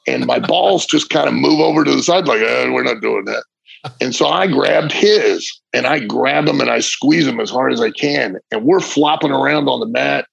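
A middle-aged former wrestler tells a long, vivid story, with frequent restarts and loose asides. His voice is thick with gravel and sounds husky. It is recorded close and dry, with a dull, lo-fi sound. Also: mid-range voice, normal speed, hardly any pauses, dry recording. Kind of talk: casual storytelling interview.

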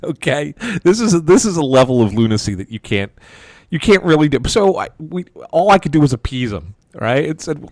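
A man telling a casual, animated anecdote as a sports reporter, full of restarts and stammers and acting out the lines of the people in it. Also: mid-range voice, a little fast, no room sound, clean studio sound. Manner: animated anecdote with quoted voices. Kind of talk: casual storytelling.

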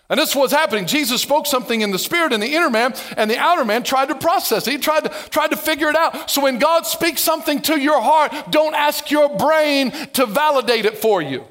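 A man preaching a lively, conversational sermon as a pastor, acting out biblical dialogue with playful sarcasm and humor. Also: very high voice, a little fast.

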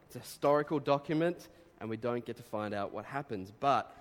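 A man preaching a sermon, reading quotes aloud and breaking into animated exclamations. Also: medium pitch, fairly quick. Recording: long reverb of a hall.

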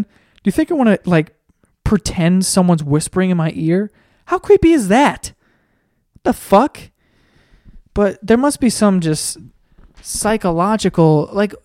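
A podcast host riffing through a profane, rambling comedic monologue with animated storytelling. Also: medium pitch, no room sound, clean studio sound.

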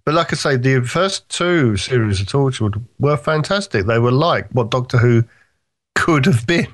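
Man, podcast co-host, opinionated, long-winded, mid-pitched voice. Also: expressive, moderate pace. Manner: opinionated, talks in long stretches with "right?" checks. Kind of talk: casual chat.

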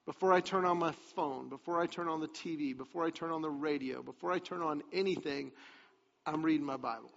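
A man's voice: on the high side, fairly quick, creaky, a bit bright. A man giving a sermon as a pastor, telling a personal story in a confiding way that turns emphatic. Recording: long hall reverb, dull lo-fi sound.

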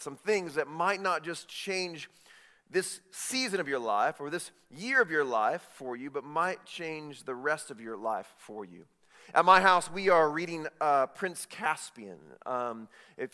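Bright-voiced man giving a devotional talk. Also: on the high side. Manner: halting, often repeats words. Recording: long reverb.

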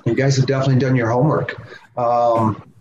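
A man guest on a podcast, telling a story in a lively way and laughing often. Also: mid-range voice, a little fast. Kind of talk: animated storytelling. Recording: slightly dull sound with faint noise.

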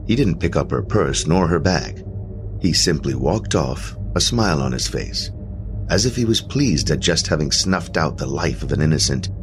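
A man narrating a first-person horror story in an emotional, intense way. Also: a bass voice.

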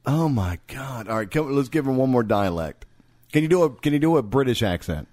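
A man's voice: medium pitch, lively intonation, a little fast, darkish tone, no echo. A man casually chatting on a podcast, reacting with exasperated groans to his friends' antics. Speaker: podcast co-host. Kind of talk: casual chat.

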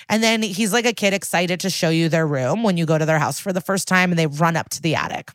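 A woman's voice: lowish voice, a little fast, few pauses, fairly bright tone, dry recording. A young woman co-hosting a podcast, casually recapping a TV episode, storytelling with quoted lines, laughs and swearing. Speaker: podcast co-host.

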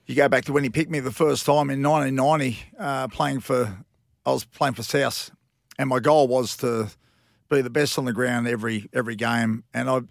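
A man's voice: mid-range voice, creaky, dry recording, studio quality. A former rugby league player in his fifties with an Australian accent, telling rambling, slangy anecdotes in a casual interview.

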